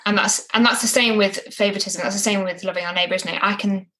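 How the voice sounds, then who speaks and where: A woman's voice: mid-range voice, steady tone, fast, bright, forceful tone, a little hiss or hum, poor audio. A woman co-hosting a casual Bible study discussion, earnest and reflective, often ending points with tag questions. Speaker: co-host discussing a Bible passage.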